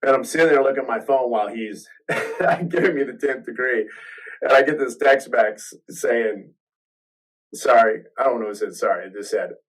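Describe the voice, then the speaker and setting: A man's voice: mid-range voice, moderate pace, recorded from a distance, poor audio. A man hosting a podcast, telling a personal story in a casual, rambling way, full of restarts and acted-out quotes. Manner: rambling, restarts often, acts out quoted voices.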